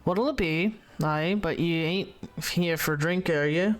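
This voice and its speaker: A man reading as a gruff, salty tavern keeper. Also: on the high side, unhurried, a bit bright, faint music behind. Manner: reads the game text aloud, stumbling and restarting. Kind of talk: reading video game dialogue aloud.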